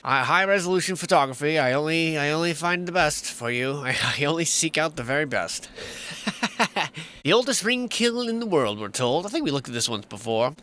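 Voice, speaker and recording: A man's voice: fairly high pitch, expressive, a little fast, hardly any pauses, bright, forceful tone. A man giving casual, wry, rambling commentary over old photos, often playfully sarcastic. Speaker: history vlogger.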